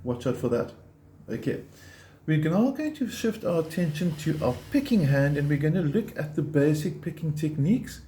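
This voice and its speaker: This guitar lesson features a man whose slightly high voice is animated and moderately paced, with slight background noise. Patient and encouraging, he breaks picking down step by step and counts beats aloud; the room sounds spacious and the guitar playing is loud.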